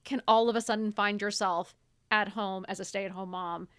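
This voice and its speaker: A woman's voice: mid-range voice, steady tone, normal speed, a bit bright, clean tone. A middle-aged woman telling her story candidly as a podcast guest, blunt and swearing freely.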